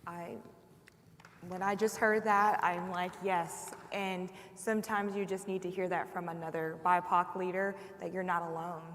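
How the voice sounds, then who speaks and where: A woman's voice: lowish voice, level tone, normal speed, a bit bright. A woman on a live panel speaking emphatically and conversationally about her own experience as a leader. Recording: reverberant hall, faint background noise.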